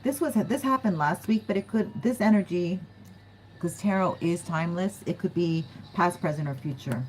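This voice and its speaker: Chatty lower-voiced woman reading tarot. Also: normal speed, a little mellow, slight background noise, rough recording. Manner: chatty, giggly, acts out quoted voices. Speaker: tarot reader. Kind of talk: casual tarot reading to viewers.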